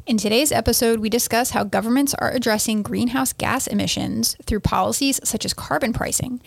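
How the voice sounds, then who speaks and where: A woman's voice: a little high, brisk, gravelly, slightly rough, dry recording. A woman co-hosting a podcast, explaining topics in an upbeat, casual way. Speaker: podcast co-host.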